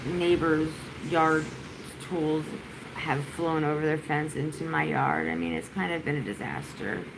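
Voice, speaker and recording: Woman, low-pitched voice, casual livestream chat, a bit of background hiss, at home. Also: a little slow, creaky. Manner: chatty, dotes on her dog. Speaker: vlogger. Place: at home during a hurricane.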